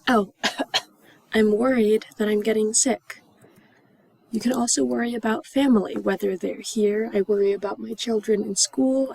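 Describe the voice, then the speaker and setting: Gravelly, breathy woman teaching English. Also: medium pitch, no echo, rough recording. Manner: models example phrases with acted gasps and whispers. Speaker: ESL teacher. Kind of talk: slow, clearly enunciated classroom instruction.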